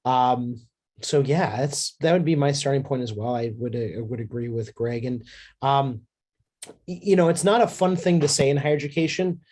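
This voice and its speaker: A man on a panel, thinking his points through slowly with small hesitations. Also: mid-range voice, steady tone, a little mellow. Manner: thoughtful, hesitant with fillers. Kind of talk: panel discussion.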